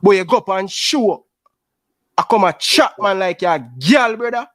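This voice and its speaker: A man's voice: sits high, normal speed, a bit bright, dry recording. A man with a Jamaican accent hosting a YouTube show, venting in heated casual chat and saying "brother" again and again. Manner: aggrieved, repeats "brother" often.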